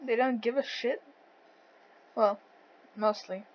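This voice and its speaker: A woman interviewing a guest over voice chat, blunt and quick to laugh, with a thick accent and a habit of swearing. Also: fairly high pitch, steady tone, highs cut off. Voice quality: says she has a thick accent.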